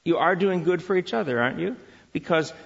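A man giving a church teaching talk, lively and full of rhetorical questions, who also engages the audience. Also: sits high, brisk, creaky, husky, long reverb tail, dull audio. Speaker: Christian speaker teaching on work and business.

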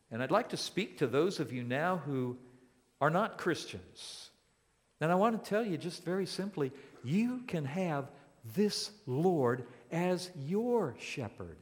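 A man preaching a sermon as a pastor, speaking deliberately and building to emphatic declarations. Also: fairly high pitch, animated, in a large hall. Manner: slow and deliberate, rising to emphatic.

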